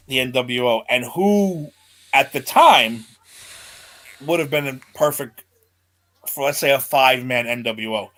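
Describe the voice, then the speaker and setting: A man in an easygoing podcast conversation, his voice sitting in an ordinary middle pitch. He tells stories with lots of energy, slipping into the voices of the people he quotes, and breaks into laughter along the way. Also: unhurried. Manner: animated retelling, acts out quoted lines, laughs often. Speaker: podcast host. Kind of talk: casual chat.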